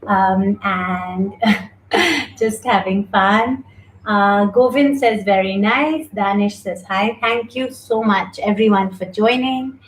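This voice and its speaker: A woman hosting a live online yoga class, calmly guiding breathing exercises, then chatting warmly with viewers. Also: mid-range voice. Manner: calm, gentle and slow while guiding breathing. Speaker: yoga instructor and host. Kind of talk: guided yoga instruction and live chat. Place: home, indoors. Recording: echoey room with faint noise.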